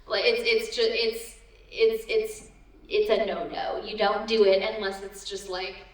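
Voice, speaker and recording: Slow, giggly woman in an echoey hall. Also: mid-range voice, flat delivery, distant mic. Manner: rambling and giggly, with lots of ums and restarts. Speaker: voice actor on a convention panel. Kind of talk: casual Q&A storytelling. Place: large convention hall.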